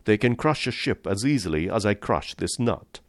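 A man's voice: on the low side, animated, moderate pace, no room sound. A man reading the part of a polished, amused and condescending aristocratic general with cold-blooded views. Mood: suave.

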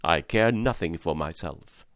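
A man voicing a starved, defiant young male captive who answers in a weak, low voice. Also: expressive, unhurried, fairly bright tone, no room sound, studio quality.

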